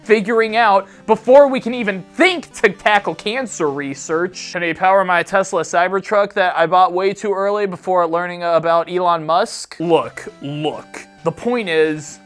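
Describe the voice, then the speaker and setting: A comedian delivering a rambling, absurd comedic monologue in a deadpan manner. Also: medium pitch, a little slow, hardly any pauses, faint music behind.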